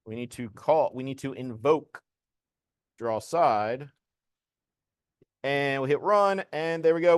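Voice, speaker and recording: A man's voice: on the high side, clean tone, no echo, clean studio sound. A man teaching a programming lesson to a class, explaining code casually as he demonstrates it.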